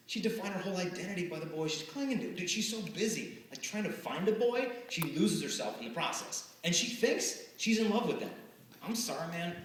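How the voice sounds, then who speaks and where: A man giving a lively live talk to a student audience, often acting out the voices of the people in his stories. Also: on the high side. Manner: animated, acts out quoted voices. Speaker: speaker addressing students. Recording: echoey hall from far off, faint hiss.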